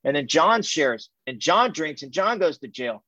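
Man, personal recovery testimony, casual rambling storyteller, self-mocking, slightly high voice, dry muffled recording. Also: very animated, measured pace, bright, forceful tone, dry recording. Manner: loose and chatty, stacks up "and, and, and", peppers lines with "man" and "dude"; self-mocking humor with small laughs. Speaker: speaker sharing his recovery story.

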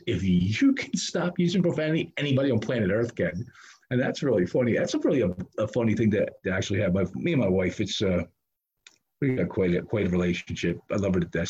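A man's voice: medium pitch, darkish tone, muffled recording, a little hiss or hum. Candid man rambling through his recovery story. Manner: rambling, candid, self-mocking, many restarts. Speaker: recovery speaker.

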